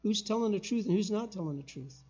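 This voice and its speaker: An older man preaching a sermon as a guest pastor in a church, emphatic, with loud call-and-response bursts. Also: high-pitched, lively intonation, quick pace, slightly rough, muffled recording. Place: church sanctuary.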